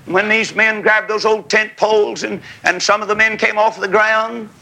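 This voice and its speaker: A man preaching a revival sermon in a tent, folksy and fiery, rising to shouts, with a congregation calling back amens. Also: high-pitched, fairly even intonation, normal speed, gravelly, poor audio. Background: congregation calling amen.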